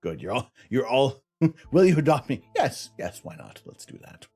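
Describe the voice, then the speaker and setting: A man's voice: mid-range voice, big pitch swings, normal speed, a little mellow, breathy edge, soft background music. A middle-aged Canadian man hosting a live stream, chatty and self-mocking, laughing often as he reads out explanations and answers chat. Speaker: livestream host.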